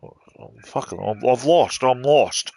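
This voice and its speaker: A man's voice: mid-range voice, lively intonation, unhurried, gravelly, a little mellow. An Australian man streaming a game, ranting bluntly and swearing as he talks. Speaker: gaming streamer. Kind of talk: casual ranting while playing.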